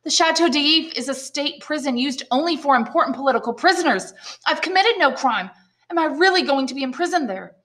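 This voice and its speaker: A woman's voice: on the high side, expressive, fairly quick, fairly bright tone, pitched above the performer's own voice. A woman reading the lines of a young male sailor who is falsely accused and desperate, pleading and urgent.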